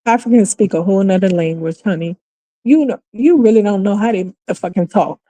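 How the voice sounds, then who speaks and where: This New Orleans woman hosts a casual livestream, sharing opinions in a mid-range, mellow voice at a fairly quick pace. Her local accent comes through as she speaks emphatically and with exasperation, swearing often.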